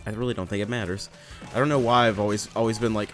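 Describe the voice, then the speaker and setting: A man's voice: on the low side, fairly even intonation, fast, faint music behind. A young man casually commentating his gameplay, rambling and self-deprecating and swearing often. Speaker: let's play gamer.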